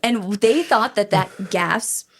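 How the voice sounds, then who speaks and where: A woman co-host walks her friend through a true crime tale in loose, conversational storytelling. She's animated and swears freely, often laughing between phrases. Her voice sits in a middle register. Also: mid-range voice, takes it slowly.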